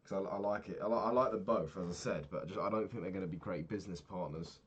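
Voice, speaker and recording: Low-voiced young man rambling. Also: quick pace, husky, highs cut off. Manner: rambling, candid, swears freely. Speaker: vlogger. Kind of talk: casual diary vlog.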